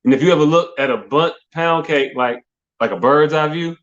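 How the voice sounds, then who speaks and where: Middle-aged man, podcast co-host, loose profane storyteller; a bit high-pitched, dull lo-fi recording. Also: normal speed, fairly bright tone. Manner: rambling storyteller, profane, repeats "hey, look". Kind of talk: casual comedic chat. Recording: dull lo-fi sound.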